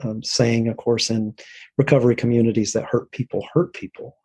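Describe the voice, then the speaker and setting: A man's voice: medium pitch, steady tone, a little fast, husky. A middle-aged man, a therapist, speaking reflectively in a conversational interview, often checking in with "right?". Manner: reflective, warm-hearted, frequent "right?" and restarts.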